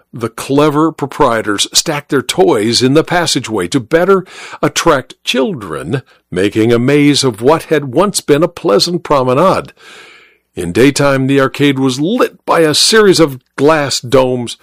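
Brief: male audiobook narrator, wry and measured, animated pitch, dry close mic. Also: no room sound. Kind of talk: first-person storybook narration.

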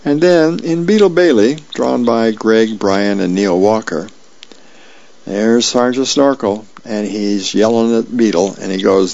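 A man reading newspaper comics aloud as a volunteer reader, in a plain, unhurried way with small slips. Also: fairly low pitch, gravelly, darkish tone, dry recording. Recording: dull lo-fi radio recording.

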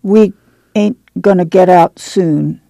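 Seorang wanita memerankan tetangga perempuan yang baik hati, berbicara lembut dan menenangkan dengan dialek pedesaan. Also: female voice, on the low side, slow, gravelly, no room sound. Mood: soothing. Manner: soft, soothing, rural dialect. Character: gentle kindly neighbor woman.

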